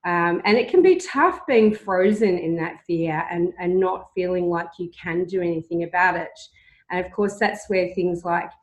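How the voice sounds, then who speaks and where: A woman with a fairly low voice hosts a casual interview. She speaks encouragingly and fills her pauses with frequent ums. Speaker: host.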